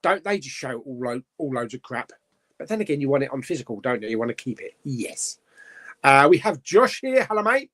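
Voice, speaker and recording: A man's voice: medium pitch, very animated, fairly quick, a bit bright. A middle-aged man hosting a casual live stream, chatting about films and reading out viewer comments, rambling with fillers and chuckling often.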